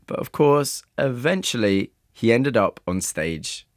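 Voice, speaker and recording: A man narrating a documentary and asking questions, in a measured, matter-of-fact way. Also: mid-range voice, lively intonation, no room sound, clean studio sound. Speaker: interviewer and narrator.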